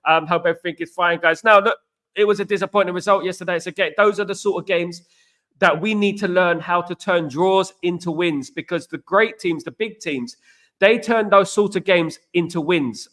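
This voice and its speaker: A man's voice: high voice, moderate pace, fairly bright tone. A man hosting a live fan stream, greeting chat viewers by name and talking through a match in a loose, chatty way. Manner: chatty, greets viewers by name, frequent "you know what". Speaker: fan channel host.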